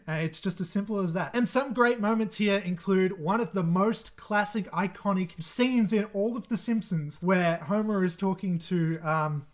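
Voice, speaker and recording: A man's voice: high voice, moderate pace, hardly any pauses. A man hosting a video on his own, talking casually and enthusiastically, laughing often and restarting his sentences. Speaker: video host ranking episodes. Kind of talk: casual solo commentary.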